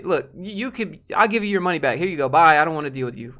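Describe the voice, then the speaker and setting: Racing along with few pauses, a male streamer chats with his audience in a pushed, bright, slightly high voice that's animated throughout. The talk is casual and blunt, full of rambling, fillers, and occasional swearing, typical of live-stream chat.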